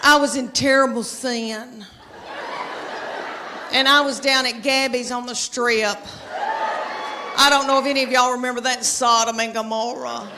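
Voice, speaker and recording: A woman's voice: fairly high pitch, a little slow, pauses often, noisy background. Folksy woman telling stand-up stories. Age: middle-aged. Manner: folksy, chatty, animated storytelling. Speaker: stand-up comedian. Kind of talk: stand-up comedy storytelling. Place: stage before a live audience.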